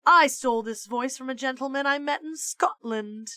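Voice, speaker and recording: A woman's voice: high voice, normal speed, sharp tone, no room sound, studio quality. A woman reading the lines of a sinister voice-stealing male teacher in a smug, mock-pleasant manner.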